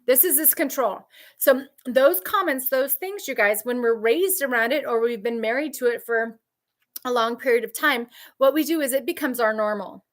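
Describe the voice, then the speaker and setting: A woman coaching trauma survivors in a candid, emphatic talk, repeating key phrases and answering viewers. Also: normal speed. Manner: mimics others' voices in high shrill outbursts.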